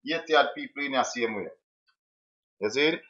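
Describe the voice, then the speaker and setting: Bright-toned man commenting on a clip. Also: mid-range voice, normal speed. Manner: emphatic, repeats questions to drive a point. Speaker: streamer reacting to a clip. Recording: roomy, dull lo-fi sound.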